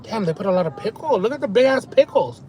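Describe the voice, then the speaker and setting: Brief: very high-pitched man, profane excitable live streamer eating in his car. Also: quick pace, a little hiss or hum, poor audio. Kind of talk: casual live-stream chat while eating.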